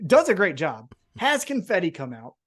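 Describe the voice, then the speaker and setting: Profane animated wrestling podcast guy. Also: high voice, normal speed, slightly rough. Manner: profane, animated storyteller acting out quotes. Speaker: podcast co-host. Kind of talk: casual wrestling recap chat.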